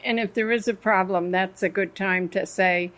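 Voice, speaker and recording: A woman's voice: medium pitch, fairly even intonation, moderate pace, fairly bright tone. A woman co-hosting a Christian radio talk about marriage, chatting and telling stories from her own marriage. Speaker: co-host teaching a Christian marriage class. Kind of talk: casual radio discussion.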